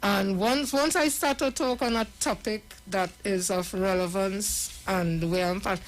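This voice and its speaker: A woman's voice: medium pitch, unhurried, rough recording. A woman, a guest on a talk show, speaking passionately and emphatically, often repeating herself.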